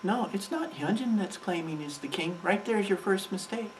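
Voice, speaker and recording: A man's voice: high-pitched, lively intonation, normal speed, far from the mic, slight background noise, poor audio. A man co-hosting a reaction show, speaking in a defiant way with the emphasis of a preacher. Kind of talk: casual commentary reacting to a sermon.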